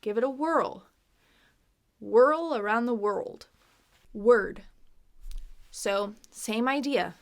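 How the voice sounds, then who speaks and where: Slow, gravelly American woman teaching pronunciation. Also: fairly high pitch. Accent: General American. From United States. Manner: repeats words slowly, exaggerating mouth positions; playful and chatty asides. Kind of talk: slow, deliberate pronunciation lesson.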